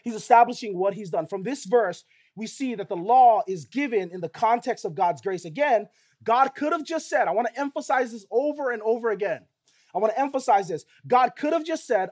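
A man's voice: high-pitched, animated, brisk, darkish tone. A middle-aged male pastor preaching a sermon in a conversational way, often asking rhetorical questions of the listeners.

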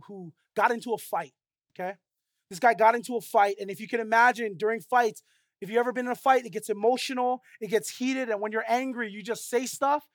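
A man's voice: sits high, dry recording, studio quality. A man preaching a sermon to a congregation in a conversational way, often checking in with "right?" and "okay?". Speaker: pastor.

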